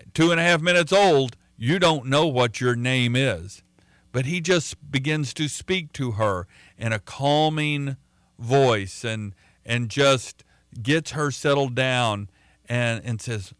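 A man's voice: mid-range voice, a bit bright, smooth, no room sound, clean studio sound. A man preaching a sermon in a conversational way, often repeating words and using fillers as he tells a story.

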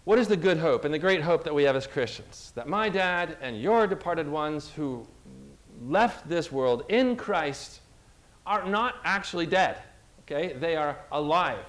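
A man with a somewhat high voice preaches an earnest sermon. He talks personally and with feeling, and retells scripture in his own words. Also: animated, a little slow, a bit bright. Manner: earnest, emotional, retelling scripture with acted quotes.

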